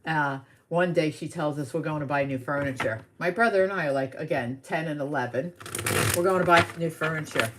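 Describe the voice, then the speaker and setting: A middle-aged woman from the New York area, a tarot reader telling stories in a casual, animated, rambling way during a live reading. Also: sits low, fairly quick, very noisy. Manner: animated, rambling storyteller with asides.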